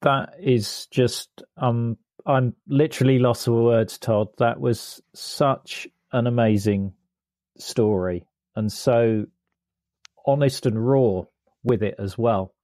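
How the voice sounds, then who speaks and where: A man hosting a history podcast interview, speaking in an appreciative, slightly halting way. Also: medium pitch, fairly even intonation, a little mellow, no room sound, studio quality. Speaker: podcast host.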